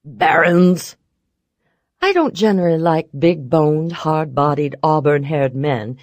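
Low-voiced woman narrating an audiobook. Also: darkish tone, no room sound, clean studio sound. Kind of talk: first-person audiobook narration.

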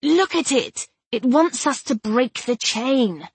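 A woman's voice: high-pitched, big pitch swings, takes it slowly, husky, dry recording, pitched above the performer's own voice, heavily acted. A woman voicing an urgent, decisive young fighting man in an audiobook, commanding in tone. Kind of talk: audiobook narration.

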